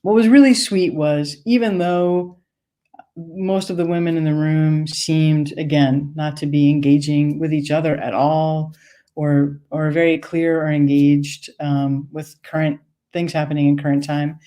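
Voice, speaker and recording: Low-voiced woman telling a story. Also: flat delivery, measured pace, mellow. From United States, Maine. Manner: conversational, wry, vivid. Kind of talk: personal storytelling performance.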